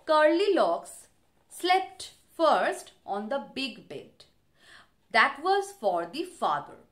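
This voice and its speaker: A woman teacher from India telling a story to young children, slowly, asking questions and repeating key points. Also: a little high, a bit bright. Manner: slow, asks the class questions, repeats for emphasis.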